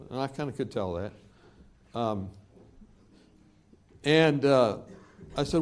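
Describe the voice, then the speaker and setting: Animated male preacher telling stories. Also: medium pitch, unhurried, long pauses. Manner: animated storytelling with laughter. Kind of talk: sermon.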